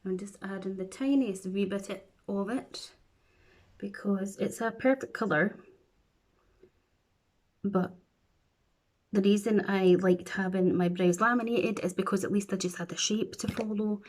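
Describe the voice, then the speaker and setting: A woman's voice: medium pitch, steady tone, unhurried, pauses often, a little mellow. A Scottish woman chatting playfully through a makeup tutorial at home, with silly asides as she works. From Scotland. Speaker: beauty vlogger.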